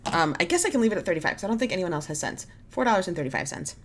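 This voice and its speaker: A beauty vlogger in her thirties chats casually at home while unboxing beauty products, wry and self-mocking as she goes through the prices. Her lowish voice is sing-song, and she talks at a racing pace.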